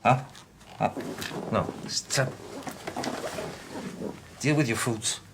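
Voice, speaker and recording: An actor playing a brash, boastful middle-aged tycoon with a New York accent, bragging and interrupting in a parody comedy film. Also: male voice, medium pitch, very slow, noisy background. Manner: bragging, bossy, interrupts constantly.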